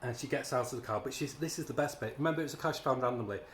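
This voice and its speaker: A man's voice: medium pitch, racing, slight background noise. A man giving a casual spoken comic book review, ranting in a sarcastic, exasperated way. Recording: echoey room.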